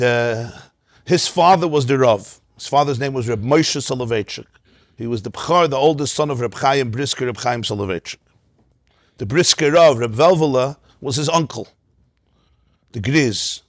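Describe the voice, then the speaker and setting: A man teaching a Torah class in a study hall, telling stories in a lively way, with many Yiddish and Hebrew terms. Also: mid-range voice, studio quality.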